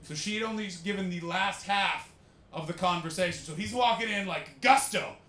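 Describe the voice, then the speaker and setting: Animated bright-voiced man telling stories on stage. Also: sits high, normal speed, roomy sound. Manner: animated, jokey, acts out the people in his stories. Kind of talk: live podcast storytelling with an audience.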